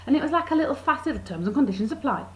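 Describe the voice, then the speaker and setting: A woman's voice: high-pitched, lively intonation, rapid-fire, poor audio. A woman giving a sarcastic comedy monologue, drawing out words to mock them. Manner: sarcastic, mocking, drawls words for effect. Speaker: vlogger.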